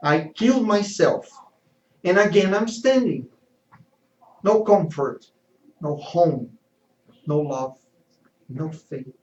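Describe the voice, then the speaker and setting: A tormented, remorseful man cries out in bitter, loud declamation, as a male lecturer voices him. The voice is raised in pitch and drawn out slowly. It sits in a roomy, somewhat muffled hall recording. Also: expressive. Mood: anguished, bitter. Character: anguished, remorseful man shouting in despair. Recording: echoey, slightly dull hall recording.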